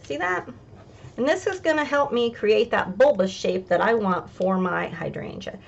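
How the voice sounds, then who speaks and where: A woman hosts a casual craft demonstration, explaining each step in a chatty, homey way. Her voice has a gravelly rasp at a middle pitch. The recording sounds a bit dull and lo-fi. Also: normal speed. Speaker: craft tutorial host.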